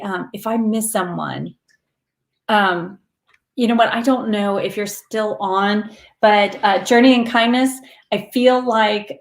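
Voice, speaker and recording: A woman's voice: mid-range voice, creaky, echoey room. A woman hosting a spiritual live stream, chatting with viewers in an earnest, rambling way and laughing often.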